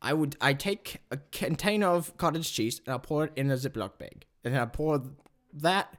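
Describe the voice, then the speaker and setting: A man doing a high, rambling oddball drifter. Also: lightly acted. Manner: rambling, halting, giggly storyteller. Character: hapless male Larry Poppins, odd drifter. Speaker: comedy interview guest. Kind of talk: improvised comedy interview.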